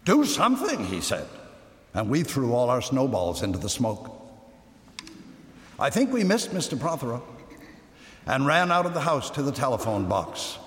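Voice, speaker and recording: A man reading a story aloud with lively, dramatic storytelling. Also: medium pitch, normal speed, long pauses. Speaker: reader. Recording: echoey room with long reverb.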